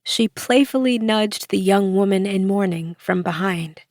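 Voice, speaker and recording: A woman narrating an audiobook in a measured way, giving the characters soft voices. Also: medium pitch, dry recording, clean studio sound.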